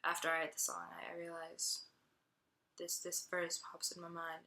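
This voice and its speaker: A woman's voice: lowish voice, completely flat delivery, moderate pace, creaky, bright, forceful tone. A young woman telling a personal faith testimony, chatty and full of "like" fillers. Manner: chatty, heavy use of "like" fillers. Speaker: student giving a testimony. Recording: roomy echo.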